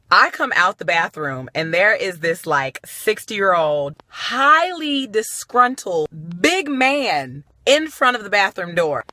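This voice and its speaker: Animated, profane woman telling a story. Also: mid-range voice, slow pace, hardly any pauses. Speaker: vlogger. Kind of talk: comic storytelling to followers. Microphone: phone.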